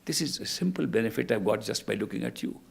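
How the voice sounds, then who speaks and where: A man voicing a newborn boy who speaks with old wisdom, low, quiet and solemn, with a gravelly, husky voice. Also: lively intonation, fast, full character voice.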